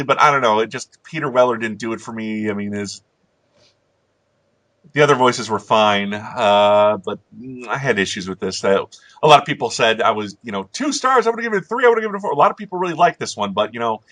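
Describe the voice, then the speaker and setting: A man's voice: fairly low pitch, a bit bright, no echo. A man hosting a casual commentary chat, rambling and self-deprecating with frequent chuckles. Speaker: host.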